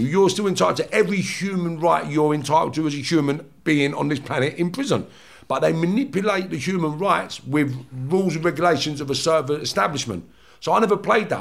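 Man, gravelly voice, blunt heavy swearing, casual podcast chat. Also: fairly high pitch. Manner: blunt, heavy swearing, gets loud and animated retelling clashes. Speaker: guest, former prisoner.

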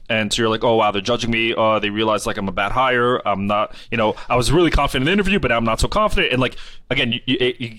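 A man, a podcast guest, telling a casual story in an animated, rambling way with many fillers. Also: mid-range voice, no room sound. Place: South Florida.

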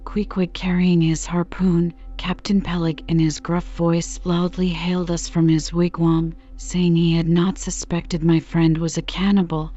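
A woman reading a classic novel aloud for a sleep podcast, soft, steady and slow, on a dull lo-fi recording. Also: on the low side. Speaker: podcast reader. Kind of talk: calm bedtime audiobook reading.

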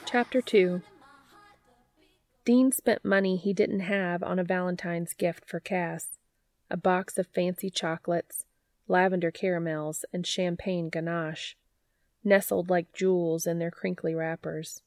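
A woman narrating a story in an unhurried, even reading voice. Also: on the low side, no echo. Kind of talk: audiobook narration.

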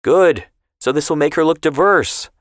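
A man reading the part of a sharp-tongued, affectionate grandfather in a story, in plain banter. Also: on the low side, animated, normal speed, dry recording, studio quality. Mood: teasing. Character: feisty, teasing grandfather, older man.

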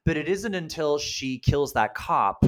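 A man co-hosting a casual film podcast, chatty and animated, quick to laugh and act out quotes. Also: on the high side. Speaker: podcast co-host.

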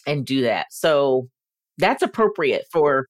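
A woman with a notably low voice co-hosting a casual podcast. She is playful and theatrical, talking straight to her listeners, and the recording is dry and close. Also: sing-song, slow, no room sound. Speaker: podcast co-host. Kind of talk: casual chat.

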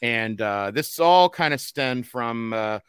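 A man with a Boston accent runs a loose podcast chat in a middle-pitched voice. He rambles, piles up "uh"s and restarts his sentences. His voice is close and dry, with no room sound. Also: lively intonation, slow, smooth, no echo. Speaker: podcast host.

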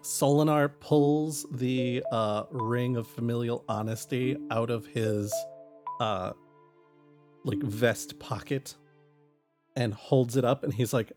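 Casting: male tabletop player, very slow delivery, easygoing humor, faint music behind. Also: mid-range voice, fairly even intonation, a little mellow. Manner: laid-back, jokey. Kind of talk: tabletop game play.

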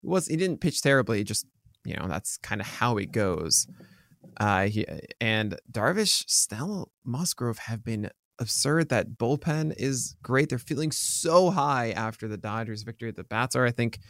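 A man's voice: medium pitch, lively intonation, unhurried, fairly bright tone, dry recording, studio quality. A man co-hosting a casual sports podcast, chatty and rambling with many fillers and restarts. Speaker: podcast co-host.

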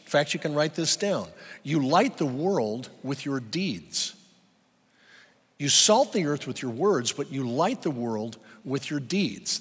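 A man's voice: a little high, fairly bright tone, breathy edge. A pastor preaching a sermon, earnest and emphatic, asking his listeners rhetorical questions. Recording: long reverb of a large hall.

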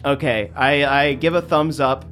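A woman's voice: very deep voice, fairly even intonation, measured pace, a bit bright, faint music behind. A woman playing a tabletop game, talking enthusiastically and cheering other players on. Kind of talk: casual tabletop play.

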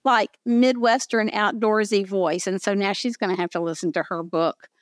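A woman's voice: medium pitch, steady tone, normal speed, no room sound, clean studio sound. An older woman with a Southern accent hosting a podcast interview, chatty and effusive. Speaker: podcast host. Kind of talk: casual interview chat.

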